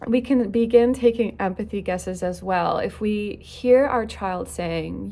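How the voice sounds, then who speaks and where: In a recorded talk on parenting, a female parenting educator speaks at a medium pitch and measured pace, with vocal fry, warmth, and few pauses. Her manner is earnest and reflective, and she occasionally acts out short quoted lines.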